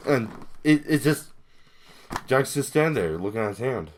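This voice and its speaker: Slow, lively low-voiced man rambling. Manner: rambling, addresses viewers directly. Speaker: video creator. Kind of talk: casual commentary on a cartoon.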